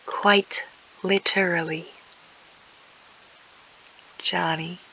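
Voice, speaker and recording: A woman's voice: on the low side, fairly even intonation, extremely slow, vocal fry, bright, forceful tone, muffled recording, a little hiss or hum. A young woman commentating her game play casually, rambling and sarcastic, often trailing off into near-whispers. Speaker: gaming YouTuber.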